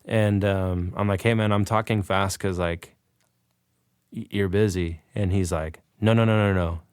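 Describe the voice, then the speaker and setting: Low and resonant, his clear voice moves at a measured pace as he animatedly shares a story on a podcast, quoting and acting out the dialogue. It's casual storytelling from a guest, captured in a dry, clean studio recording.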